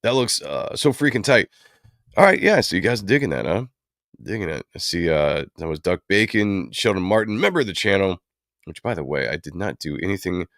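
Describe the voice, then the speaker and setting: A very animated livestream host talks at length about comic book movies, rambling casually with lots of filler words. He speaks in a low, slightly bright voice at a fairly quick pace, recorded dry with clean studio sound.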